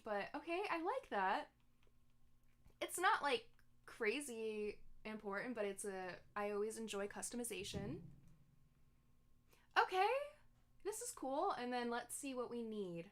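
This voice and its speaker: A chatty young woman streamer talks through her gameplay in a relaxed, casual way, giggling and often stopping to correct herself. Her voice sits fairly high for a woman. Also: normal speed, long pauses. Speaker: gaming streamer.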